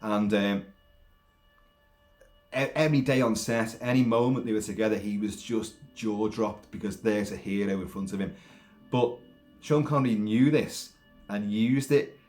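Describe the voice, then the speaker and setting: A man talking casually about a film, rambling in an animated way with many restarts and put-on voices. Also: lowish voice, normal speed, pauses often, faint music behind. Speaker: film commentator.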